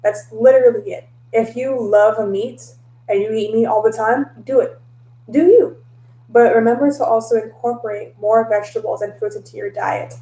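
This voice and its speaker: Woman vlogger, mellow voice, slightly high, echoey room, animated storyteller, laughs a lot. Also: moderate pace. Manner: animated, acts out her own past lines; laughs often, mixes in mild cursing. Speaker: tarot reader and vlogger. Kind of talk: casual storytelling vlog.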